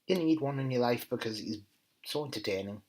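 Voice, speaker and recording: A man talks through a TV episode in a casual, enthusiastic way. His voice swings up and down a lot and has a faintly husky grain. Now and then he mutters quieter asides. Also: mid-range voice, expressive, fairly quick, poor audio. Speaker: TV episode reviewer. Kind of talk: casual spoken review.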